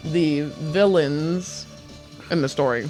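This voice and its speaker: High-pitched guy chatting on a podcast, lots of likes and ums, faint music under it. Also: slow pace. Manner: rambling, filler-heavy, animated when retelling. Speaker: podcast co-host. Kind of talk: casual chat.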